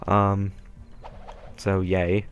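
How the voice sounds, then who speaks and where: A man's voice: sits low, completely flat delivery, very slow, highs cut off, slight background noise. A young man rambling through casual, self-deprecating let's-play commentary. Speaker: gameplay commentator. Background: faint game music.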